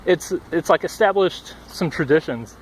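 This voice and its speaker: A young man vlogs outside next to a busy road, his fairly high voice moving at a slow pace as he rambles out of breath, full of fillers and swearing. It's a casual, wandering monologue picked up by a headphone cord mic. Faint traffic noise and passing cars sit in the background.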